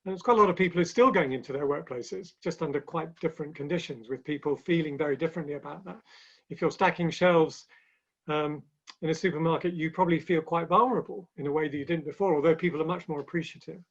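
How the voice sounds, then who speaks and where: A man's voice: on the high side, quick pace. A man speaking as a guest in a webinar conversation, telling stories with light humor in a chatty way. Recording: dull lo-fi online call audio.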